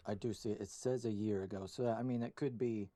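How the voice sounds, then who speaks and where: A man's voice: lowish voice, steady tone, fairly quick, mellow, no echo. A man appearing as a guest on a casual podcast over a call, talking hesitantly and stumbling over his words. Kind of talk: casual chat.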